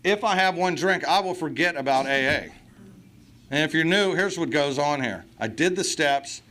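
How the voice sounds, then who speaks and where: A man's voice: fairly high pitch, lively intonation, normal speed, pushed and bright. A man speaking at a recovery meeting, blunt and profane, with self-mocking humor. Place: meeting hall.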